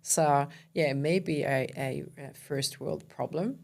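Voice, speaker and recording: A woman's voice: low voice, a little slow, gravelly, darkish tone. A woman hosting a podcast, responding thoughtfully and repeating words as she searches for the right phrasing. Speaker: podcast host. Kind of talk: reflective interview chat.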